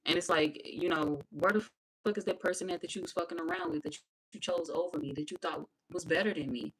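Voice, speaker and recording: Brash woman tarot reader, lower voice, cussing and laughing through a live reading. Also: fast talker, husky, poor audio. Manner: brash, profane, animated, laughing.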